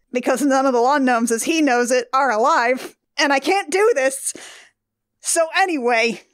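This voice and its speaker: A woman's voice: high voice, a little slow, a bit bright, clean tone, no echo, clean studio sound. Rambling woman recapping a movie. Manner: rambling, flustered, laughing asides. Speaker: podcast co-host. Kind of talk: casual movie recap chat.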